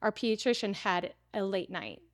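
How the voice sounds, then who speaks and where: A woman's voice: medium pitch, sing-song, moderate pace, dry recording. Chatty woman guest, dry close sound. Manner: chatty, lots of "like" fillers. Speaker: guest, preparedness teacher. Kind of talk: casual storytelling in an interview.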